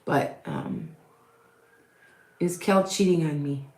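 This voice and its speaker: A woman's voice: lowish voice, slow pace, mellow. Chatty middle-aged woman in echoey room. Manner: rambling, chatty, many fillers and restarts. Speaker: tarot reader and psychic medium. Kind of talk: live tarot reading with viewer questions.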